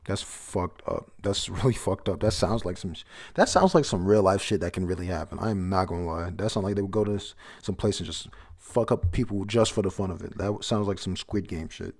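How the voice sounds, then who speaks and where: Low, mellow man for a casual comic chapter review, blunt and loose with swearing. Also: a little fast. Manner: reads panels aloud, blunt, swears freely, laughs at surprises.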